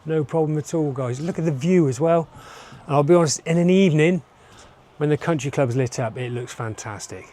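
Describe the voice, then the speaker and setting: A man's voice: a little high, fairly quick, warm tone. Upbeat salesman touring a lodge. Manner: upbeat sales patter, keeps addressing viewers. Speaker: holiday park salesman. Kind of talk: enthusiastic property walkthrough. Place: inside a holiday lodge, walking room to room.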